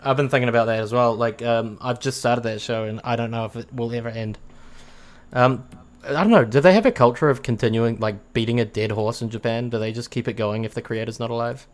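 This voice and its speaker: A man's voice: medium pitch, brisk. A man with a New Zealand accent chatting casually as a podcast guest, rambling through stories, laughing often and swearing casually.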